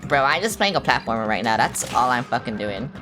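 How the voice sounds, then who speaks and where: Young woman, low voice, casual game streamer, swears, self-mocking, faint music behind. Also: sing-song, a little fast. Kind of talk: casual live-stream chatter.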